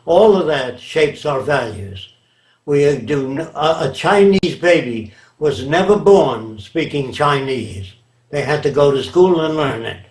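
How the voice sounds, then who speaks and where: An older man holds forth in an interview with a lecturing, emphatic delivery and a somewhat high voice. His words ring with a roomy echo around him, and he keeps checking whether his listener follows. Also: animated, measured pace, darkish tone. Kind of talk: reflective interview answers.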